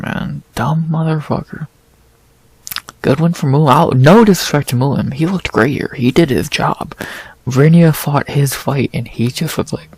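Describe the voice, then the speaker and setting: Man hosting a fight recap, gravelly and a little husky, exasperated ranting with lots of swearing, dry close mic. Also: mid-range voice, no echo. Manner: stammering restarts. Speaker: MMA recap host. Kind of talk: profane casual fight recap.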